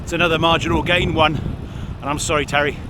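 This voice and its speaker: A man's voice: a little high, flat delivery, fast. A man vlogging about cycling while he rides outdoors, talking in a grumpy, wry and self-mocking way. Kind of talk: casual vlog talk while riding. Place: outdoors on a bike on the road. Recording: loud road and wind noise.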